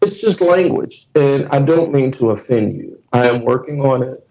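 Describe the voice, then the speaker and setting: Gravelly-voiced man telling profane stories. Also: mid-range voice, lively intonation, normal speed, warm tone, highs cut off. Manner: storytelling, profane, laughs often. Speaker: podcast host. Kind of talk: casual podcast chat.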